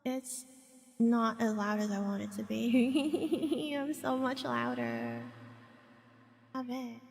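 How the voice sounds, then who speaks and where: A woman's voice: a little high, expressive, slow pace, creaky, faint music behind. A woman from Hong Kong chatting casually with her live-stream chat, laughing often and reacting to viewers. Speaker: VTuber streamer.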